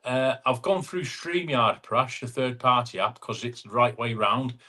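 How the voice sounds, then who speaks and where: In a home room, a livestream host with a sharp, mid-range voice reads out viewer comments during a casual live chat. He calls folks "mate," stays chatty, and throws in quick asides, recorded with a wireless clip-on mic.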